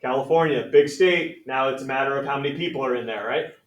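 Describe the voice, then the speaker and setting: A male math teacher leads a classroom lesson, talking fast at medium pitch in a conversational, upbeat way and calling on students by name. The recording captures an echoey classroom from far off.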